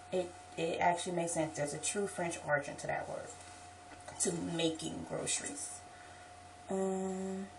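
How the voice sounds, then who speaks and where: A woman's voice: medium pitch, far from the mic, slight background noise, poor audio. A woman with a New Orleans accent chatting casually in a vlog, explaining things with asides and restarts. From Southeast Louisiana. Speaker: vlogger.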